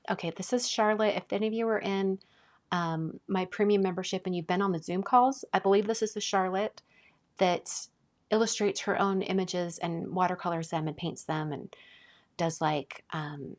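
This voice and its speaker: A woman hosting a casual live stream, chatting and gushing as she opens mail, often dropping to a soft whisper. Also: fairly low pitch, fairly even intonation, normal speed. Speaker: card-making channel host.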